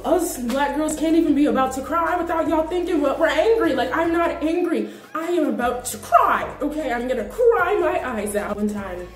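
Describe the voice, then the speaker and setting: A young woman in her twenties vlogs in a casual monologue, telling stories with animated energy and frequent laughter. Her voice sits fairly high. It is recorded from a distance from the mic in a room with a noticeable echo. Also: moderate pace, hardly any pauses. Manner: animated storyteller, laughing through her points. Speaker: vlogger. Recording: roomy echo, distant from the mic, faint music.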